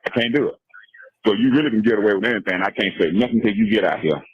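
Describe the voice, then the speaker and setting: A man's voice: fairly low pitch, very fast, breathy edge, no room sound, muffled recording. A man calling in, complaining defensively in casual phone talk.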